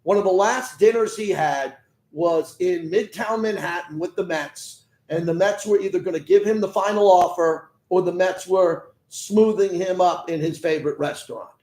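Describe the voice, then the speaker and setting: A man's voice: sits high, normal speed, a little mellow, reverberant, poor audio. A man hosting sports talk radio, arguing with callers and firing off rhetorical questions. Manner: combative, fires rhetorical questions.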